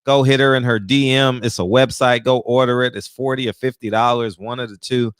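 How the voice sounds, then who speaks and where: A man's voice: medium pitch, steady tone, brisk, a bit bright, smooth, dry recording, clean studio sound. A man hosting a casual livestream, greeting viewers by name and ranting loosely with plenty of swearing. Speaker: livestream host. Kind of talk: casual chat.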